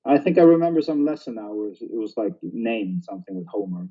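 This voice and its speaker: A man studies Chinese with a tutor over a video call and gives hesitant, uncertain answers full of fillers. His voice sits low. The call audio is dull and lo-fi. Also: sing-song, a little fast, slightly rough. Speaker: language student. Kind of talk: one-on-one language lesson.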